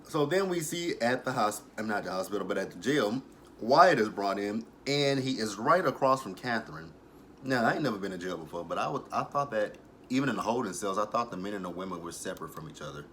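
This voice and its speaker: A young adult man giving a casual, profane recap of a TV episode. He tells it as an animated story and breaks into laughter often. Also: fairly low pitch, a little fast, slight background noise. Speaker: TV episode reviewer.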